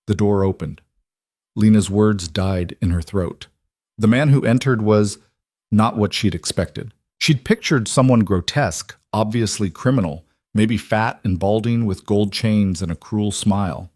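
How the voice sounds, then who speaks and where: A man narrating a scripted story in a steady, measured way. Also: lowish voice, dry recording, clean studio sound.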